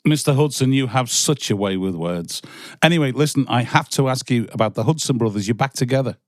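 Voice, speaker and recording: A man's voice: medium pitch, lively intonation, a little fast, a little mellow, dry recording. A man hosting a podcast interview, mostly giving brief, playful prompts and agreement. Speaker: podcast host. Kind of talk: interview host.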